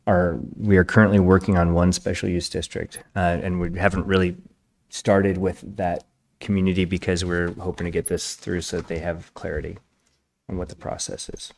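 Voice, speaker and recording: A man's voice: low-pitched, level tone, moderate pace, gravelly. A man from planning staff explaining a process to a commission in a matter-of-fact way. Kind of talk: explaining at a public meeting.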